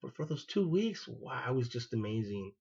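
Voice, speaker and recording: A man, a former Marine hosting his own show, telling a personal story in an animated way and acting out what people said. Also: medium pitch, normal speed, creaky, breathy edge, highs cut off. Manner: animated, acts out quoted dialogue. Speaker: podcast host, former Marine.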